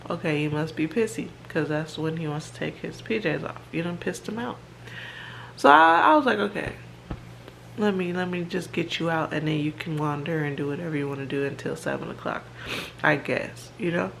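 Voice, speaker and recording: A woman, talking casually and rambling to a phone at home. Her voice sits low and has a gravelly edge. Faint household noise hums behind her. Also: normal speed, a bit bright. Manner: chatty and rambling, with fillers and laughs. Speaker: vlogger. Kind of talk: casual chat to camera.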